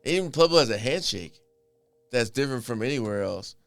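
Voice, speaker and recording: A man in his forties hosting a casual chat, with a relaxed manner, an easy laugh, and a voice that drops quieter at the ends of sentences. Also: mid-range voice, brisk, soft background music. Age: 40s.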